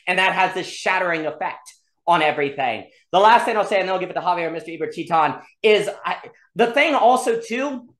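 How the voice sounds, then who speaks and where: A discussion host on a video call who thinks aloud, hedges often and builds ideas in quick repetitive loops. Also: mid-range voice, animated, a bit bright. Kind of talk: casual philosophical discussion online. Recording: roomy video call audio.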